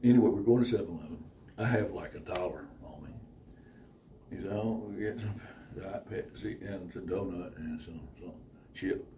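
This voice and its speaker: A man's voice: low voice, moderate pace, warm tone. A man casually telling a long story, swearing freely and often laughing between lines. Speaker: podcast guest. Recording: distant mic with faint background noise.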